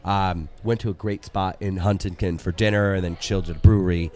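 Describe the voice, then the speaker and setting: A man's voice: low voice, fairly even intonation, fairly quick, darkish tone. A man co-hosting a podcast, telling a long story in a rambling way, with lots of fillers. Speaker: podcast co-host. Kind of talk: casual chat.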